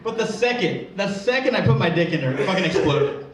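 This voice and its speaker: Young male comic, high voice, crude self-deprecating stand-up with plenty of swearing, heard from afar in a roomy hall. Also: expressive, fairly quick, heavy background noise. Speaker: stand-up comedian. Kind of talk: stand-up routine. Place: live comedy venue with audience. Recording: echoey room, distant mic, crowd laughter.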